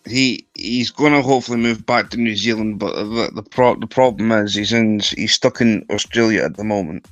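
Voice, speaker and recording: A man's voice: fairly low pitch, moderate pace, no room sound, highs cut off, soft background music. A Scottish man from the northeast of Scotland chatting as a guest on a live stream, rambling with lots of restarts. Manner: rambling, repeats himself, many restarts. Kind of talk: casual chat on a live stream.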